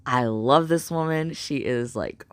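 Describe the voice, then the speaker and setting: A young man telling a story in a casual vlog, rambling and excitable with lots of fillers. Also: mid-range voice, unhurried, clean tone, no room sound. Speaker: vlogger.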